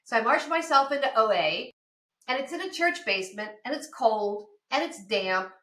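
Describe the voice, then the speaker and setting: Lively woman in her fifties, roomy sound. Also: fairly high pitch, normal speed. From outside Philadelphia, USA. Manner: lively storyteller who acts out past dialogue. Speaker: podcast guest, addiction counselor. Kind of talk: personal storytelling on a podcast. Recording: roomy echo.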